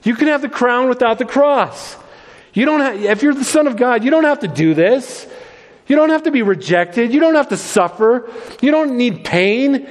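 Preacher doing a wheedling male devil: pitched high, insistent, echoing hall. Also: lively intonation, normal speed. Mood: coaxing. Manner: coaxing, insistent repetition. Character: smooth tempting male devil, persuasive and coaxing. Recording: long hall reverb.

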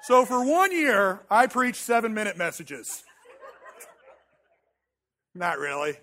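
Slow-paced and relaxed, a pastor in his thirties delivers a sermon like a conversation, his voice high for a man. He tells a self-deprecating story about himself, repeatedly restarting and repeating words.

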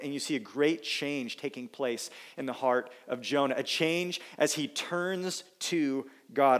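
A man preaching a sermon, earnest and emphatic, with dramatic pauses and repeated phrases for weight. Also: medium pitch.

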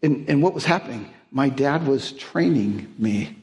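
A man's voice: mid-range voice, expressive, unhurried, darkish tone. A man preaching a sermon as guest speaker, mixing family stories and humor with Bible verses, building to emphatic peaks. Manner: storytelling with humor, chuckling, rising emphatic peaks.

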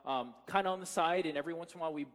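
A man's voice: on the high side, racing, in a large hall. A man in his thirties preaching a sermon as pastor, telling stories casually with many fillers and restarts.

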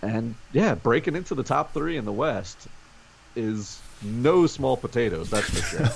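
A man's voice: mid-range voice, expressive, a little slow, creaky, slight background noise. A man co-hosting a sports podcast from home over a video call, talking energetically in casual chat. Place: home during a snow day.

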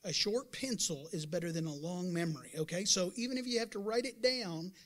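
A male pastor preaching a sermon to his congregation, emphatic with sudden loud bursts, chatty, calling out to the room. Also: sits high, lively intonation, a little fast. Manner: conversational, acts out doubters' voices.

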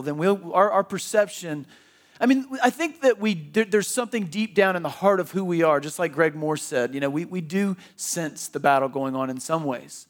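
A man preaching a sermon in a church, conversational and emphatic, often restarting and repeating words. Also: on the high side. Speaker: pastor.

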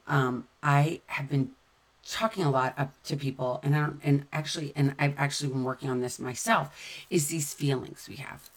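A middle-aged woman speaking candidly and conversationally about her own recovery, often repeating phrases for emphasis. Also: low-pitched. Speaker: sober-living speaker. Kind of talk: personal recovery talk.

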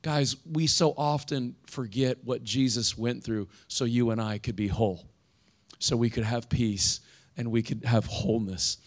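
A young man preaches in a relaxed, conversational way, addressing the congregation directly. His voice sits in an ordinary middle pitch, and he grows more intense when he reads scripture aloud. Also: a little slow. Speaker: pastor. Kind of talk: sermon.

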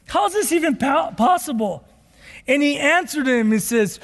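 A pastor with a strikingly high voice delivers a sermon, swinging from quiet asides to fervent shouts. His words ring out with a long reverb from a large hall. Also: animated, moderate pace. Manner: passionate, rising to shouts when quoting scripture.

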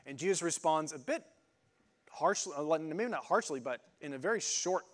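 A man preaching an informal sermon, explaining Bible words in a halting, conversational way with many fillers and restarts. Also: on the high side, lively intonation. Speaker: pastor.

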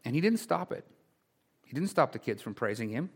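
A male pastor preaching a sermon in a conversational way, full of rhetorical questions, dropping to quiet asides and rising to loud exclamations. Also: medium pitch, sing-song, brisk, vocal fry, slightly rough.

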